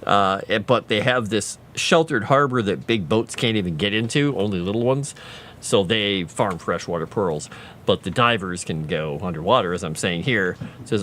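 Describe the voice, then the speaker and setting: A man's voice: lowish voice, animated, moderate pace, fairly bright tone, a little hiss or hum. A man casually chatting with his livestream viewers, rambling through tangents while working on his lore writing.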